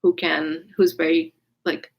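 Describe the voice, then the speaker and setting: This vlogger speaks in a deep, level voice at an unhurried pace, with vocal fry and a slight roughness, over low-quality audio. She shares a personal story frankly, swearing casually, wandering off track and restarting with lots of fillers.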